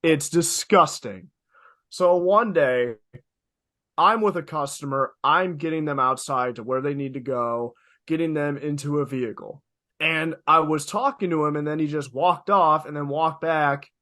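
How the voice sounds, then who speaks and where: A young man co-hosting a podcast, telling stories in an animated, emphatic way, swearing freely and repeating lines for effect. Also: fairly high pitch, unhurried, no echo, clean studio sound. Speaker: podcast co-host. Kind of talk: casual podcast storytelling.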